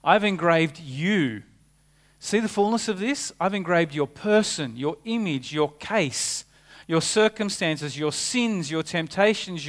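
A man preaching a sermon, earnest, rising for emphasis and dropping to a hushed tone. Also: on the high side.

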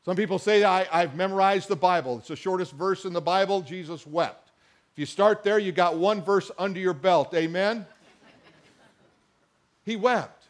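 A man's voice: high-pitched, fairly bright tone. A man preaching a sermon, reading scripture and mixing in conversational asides and questions to the congregation. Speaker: pastor.

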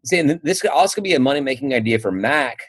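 Husky-voiced man hosting a podcast chat. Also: mid-range voice, lively intonation, quick pace, dry recording. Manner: laughs often, leads topics. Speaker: podcast host.

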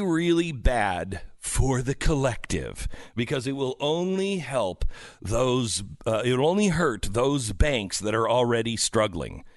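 A man hosting a radio talk show, delivering an impassioned political monologue and yelling at his listeners. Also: medium pitch, no echo, studio quality. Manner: ranting, yelling at the audience.

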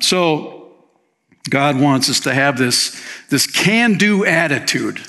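Energetic preaching pastor, man. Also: fairly high pitch, slow. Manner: energetic preaching, rising and dropping for emphasis; direct rhetorical questions to the congregation. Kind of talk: sermon.

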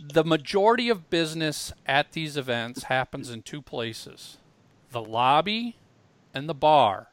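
A man gives casual, insistent advice in a dry, close-miked sound, and his voice sits a little higher than most men's. He stresses his points and repeats words as he goes. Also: big pitch swings, unhurried, no echo.

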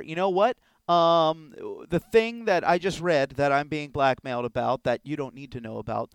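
A man hosting a comedy podcast bursts into theatrical, exasperated complaints. His voice is on the higher side and leaps all over the place. It sits dry and close on a studio mic. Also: very animated, normal speed, dry recording. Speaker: podcast host. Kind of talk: comedic sketch.

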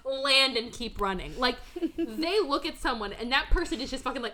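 A woman hosting a podcast, recapping a movie in animated, profane casual chat and tossing in quick mock voices. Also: high voice, very noisy. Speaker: podcast host.

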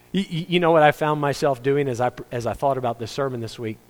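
A man's voice: mid-range voice, normal speed, pauses often, a little hiss or hum. A man preaching a sermon as pastor, conversational and joking, acting out the voices he quotes. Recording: long reverb of a hall.

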